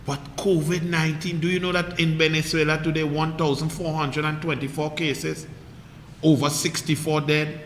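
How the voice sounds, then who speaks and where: A man's voice: on the high side, little pitch movement, normal speed, echoey room, big-room sound, slight background noise. A man with a Trinidadian accent giving a heated, mocking political monologue full of rhetorical questions. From Trinidad and Tobago. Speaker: political commentator.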